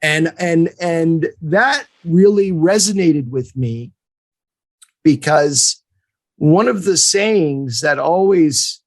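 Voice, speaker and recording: A man in his fifties from Montreal, co-hosting a podcast and telling a casual story in an animated way, acting out the people in it. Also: fairly high pitch, slow pace, no room sound. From Montreal, Canada. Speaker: podcast co-host and hockey agent.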